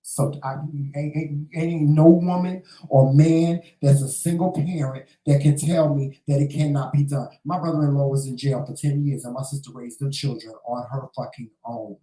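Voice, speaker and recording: A man's voice: a little high, steady tone, moderate pace, hardly any pauses, mellow. Sassy, profane man in an echoey room. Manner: sassy, profane, preachy, calls listeners "child" and "honey". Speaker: livestream talk show host. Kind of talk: casual monologue to a live chat.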